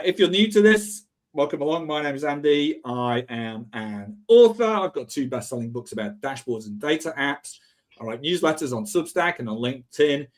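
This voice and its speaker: A man hosting a live online show over a video call, chatty and loose, with bursts of energy at the start of his lines. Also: mid-range voice. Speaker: host. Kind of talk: casual live-stream chat.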